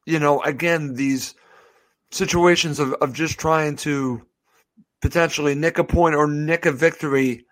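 Man, host, voice a bit high, casual questions and short agreements. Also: fairly even intonation, unhurried, fairly bright tone. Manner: asks questions, brief agreements. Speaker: podcast host. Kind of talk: casual chat.

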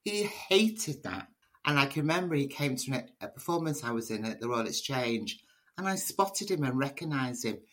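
A woman's voice: very deep voice, normal speed. Chatty woman telling stories. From Liverpool, England. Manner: chatty, storytelling, animated. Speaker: poet, interview guest. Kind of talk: conversational interview answers.

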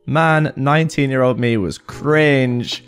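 A man's voice: mid-range voice, slow, smooth. A man reading reddit posts aloud and adding wry comments, with faint music behind him. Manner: wry, animated commentary with frequent laughs. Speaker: reddit storytime host.

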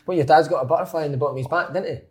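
A man's voice: on the high side, rapid-fire, darkish tone. A Scottish man co-hosting a podcast, teasing the others and asking questions in casual chat. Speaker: podcast co-host.

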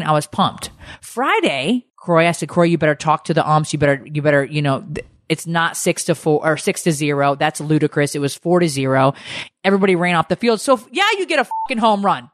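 A woman's voice: fairly low pitch, no room sound, clean studio sound. A middle-aged woman co-hosting a podcast, ranting in a heated, swearing casual chat. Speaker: podcast co-host.

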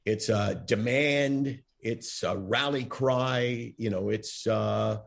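A man's voice: lowish voice, fairly even intonation, slow, gravelly. A man with a Canadian accent, a guest in a podcast interview, speaking emphatically and repeating himself to build his points. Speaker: mental health advocate guest.

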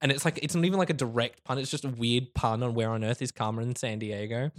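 A man, a filmmaker chatting casually with friends and telling animated stories about making films. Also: medium pitch, slight background noise. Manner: fast, animated storytelling with frequent laughs and swearing. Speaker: filmmaker and director. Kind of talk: casual chat among friends.

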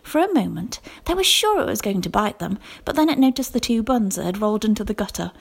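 A woman teacher reading a children's story aloud, lively and expressive. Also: mid-range voice, fast, gravelly, husky. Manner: lively expressive reading with whispered character lines.

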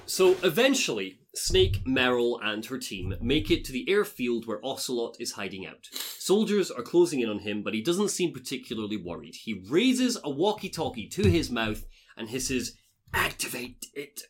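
Animated man recapping a story. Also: mid-range voice, moderate pace. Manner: animated storytelling, swears freely. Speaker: podcast host recapping game lore. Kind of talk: casual chat.

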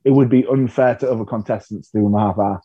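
Quick and slightly rough, a lowish male voice tells self-deprecating stories candidly and with animation as a comedian guest on a podcast. The recording is muffled with no echo.

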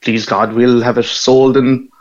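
A man's voice: medium pitch, flat delivery, measured pace, dull audio. A middle-aged man from Ireland with a Cork accent, chatting casually as a guest and laughing as he tells stories. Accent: Cork Irish. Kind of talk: casual phone interview.

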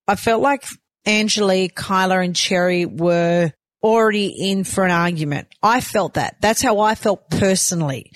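An Australian woman speaking frankly in a reality TV confessional, chatty and emphatic, with the odd casual curse. Her voice sits at a middling pitch and sounds close and dry, with no room around it. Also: no room sound. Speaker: reality show cast member.

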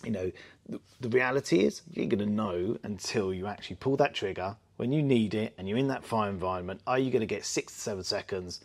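A man co-hosting a casual podcast chat, telling anecdotes in a lively way. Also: on the low side, quick pace. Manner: storytelling, animated with quoted voices. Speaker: podcast co-host.

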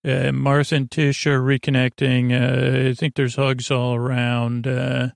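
A man's voice: medium pitch, completely flat delivery, measured pace, vocal fry, no room sound, clean studio sound. A man hosting a podcast, casually recapping an episode in a rambling way, full of uhs and loosely quoted lines. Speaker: podcast host.

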